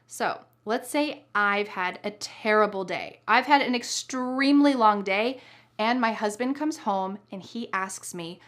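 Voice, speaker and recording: An American woman teaching an online English lesson, speaking clearly and cheerfully, laughing often and acting out tones of voice in her examples. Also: medium pitch, measured pace, a bit bright.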